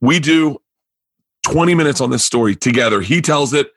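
Husky man telling comedy stories. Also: mid-range voice, normal speed, no room sound. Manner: animated, stammering restarts, acts out quoted people. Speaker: comedian guest. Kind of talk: casual storytelling.

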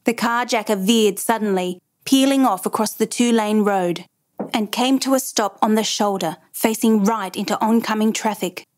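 A woman reading a dramatic true story aloud in measured, even narration. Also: mid-range voice.

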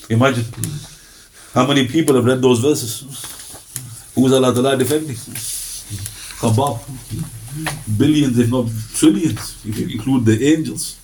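A man's voice: mid-range voice, a little mellow, a little hiss or hum. A middle-aged man teaching Islamic history in a lecture, who reads out lists of references steadily and acts out small exchanges of dialogue. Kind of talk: recorded religious lecture with Quran recitation.

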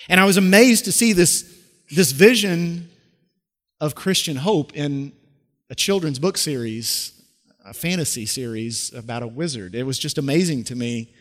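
Middle-aged man preaching in a reverberant hall. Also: on the high side. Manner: animated, conversational preaching with frequent restarts and rhetorical questions. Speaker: pastor. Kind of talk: sermon.

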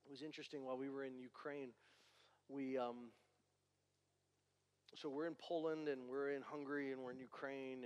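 A man's voice: mid-range voice, in a large hall. A male pastor delivering a sermon with emphatic preaching and repeated rhetorical questions.

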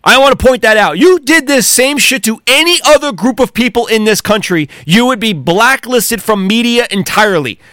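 Really high bright-voiced guy ranting on his podcast, swearing, yelling bits, dry close sound. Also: lively intonation, normal speed, hardly any pauses, no room sound. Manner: profane, heated, shouting outbursts. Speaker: podcast host. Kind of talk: angry solo podcast rant.

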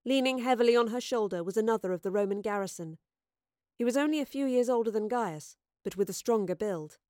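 A woman reading an audiobook as the narrator, with steady, measured storytelling. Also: on the high side, no room sound, clean studio sound. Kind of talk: scripted narration.

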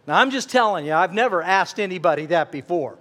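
In this sermon, a middle-aged pastor with a notably high voice shares a personal story with earnest warmth. He drives his points home with fervent emphasis, his intonation lively and his pace a little fast.

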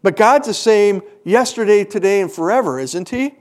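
High-voiced middle-aged guy preaching, earnest, keeps asking the crowd questions. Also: lively intonation, normal speed, darkish tone. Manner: earnest, rhetorical questions to the congregation. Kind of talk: sermon.

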